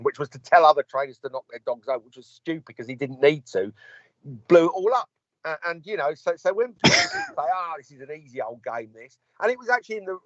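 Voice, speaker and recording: Here the podcast co-host is a man with a voice on the high side, recorded without echo, though the lo-fi audio is dull overall. During a relaxed chat he tells a long story full of swearing, performing the voices of everyone he quotes.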